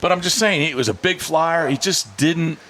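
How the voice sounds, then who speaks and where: This casual podcast host, a dog handler, speaks at normal speed in a voice on the high side, with a little hiss or hum in the background. His storytelling is animated, full of repeated words and restarts, and he acts out others' lines in hushed or shifted tones.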